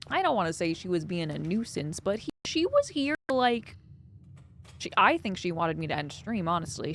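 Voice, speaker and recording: A young woman streaming a game live, chatting casually and dramatically with her viewers, swinging from excitement to mock sadness. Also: mid-range voice. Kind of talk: casual live-stream chat while gaming. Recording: faint music behind.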